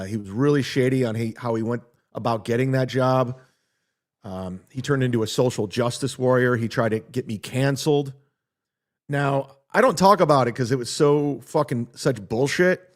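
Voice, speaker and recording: Man, middle-aged, comedian host, casual rant, profane, aggrieved, mid pitch.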